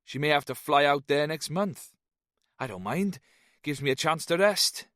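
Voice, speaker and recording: A man's voice: on the high side, animated, fairly bright tone, no room sound, clean studio sound, voice pushed up. Man voicing a lilting Welsh fifty-something drinker. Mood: jovial. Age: 50s. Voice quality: lilting, slow after drinks. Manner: hearty, chatty.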